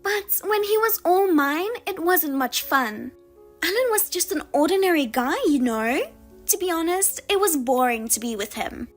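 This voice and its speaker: A woman's voice: very high voice, expressive, normal speed, soft background music. A woman voicing a scheming younger sister who mocks and taunts in a sing-song way. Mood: callous.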